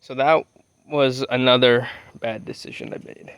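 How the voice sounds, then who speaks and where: A man's voice: mid-range voice, steady tone, moderate pace, fairly bright tone, smooth. A young man casually telling a rambling story, swearing often and losing his train of thought. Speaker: vlogger.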